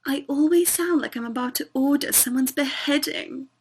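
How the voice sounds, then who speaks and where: A woman's voice: high-pitched, normal speed. A student actress playing a painfully posh young English woman with a prim, giggly manner on a video call. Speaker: student actor. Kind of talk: online student theatre.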